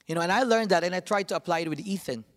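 A man in his thirties preaching a sermon, telling family stories with lively, acted-out quotes. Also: high voice, very fast. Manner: animated storytelling, acts out quotes. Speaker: pastor. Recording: long hall reverb.

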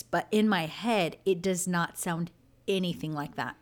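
A young adult woman co-hosting a podcast in casual chat. She tells stories animatedly, and her voice jumps up whenever she quotes someone. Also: measured pace. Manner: animated storyteller, jumps high for quoted lines. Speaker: podcast co-host. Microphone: headphones and studio microphone.

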